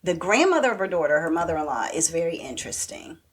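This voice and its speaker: A woman co-hosting a podcast, chatting casually and retelling a TV episode in an animated way with acted-out quotes. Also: on the low side, fast talker, slightly rough. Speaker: podcast co-host. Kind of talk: casual chat recapping a TV show.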